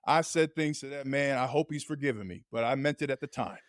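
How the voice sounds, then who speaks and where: A man co-hosting a sports podcast, a former football player telling game stories in animated, emphatic casual chat. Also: mid-range voice, a little fast, no echo, clean studio sound.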